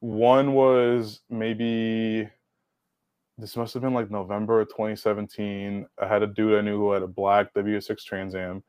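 A young adult man, a car detailer guest on a podcast, telling stories in a casual, animated way, swearing and acting out quotes. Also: fairly low pitch, unhurried, clean tone, no room sound. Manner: animated storyteller, swears, acts out quotes loudly. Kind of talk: casual storytelling chat.

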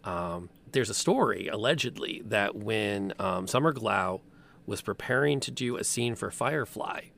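Gravelly man, chatty. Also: on the low side, animated, a little slow, a bit bright. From American Midwest. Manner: chatty, rambling with tangents. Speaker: game master and podcast host. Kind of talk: casual chat.

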